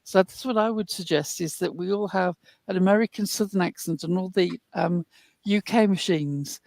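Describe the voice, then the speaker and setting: A woman's voice: lowish voice, normal speed, creaky, darkish tone, no echo. A woman from the north of England with a Northern English accent, chatting on a livestream in a wry, articulate way and laughing at herself. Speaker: show regular. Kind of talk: casual livestream chat.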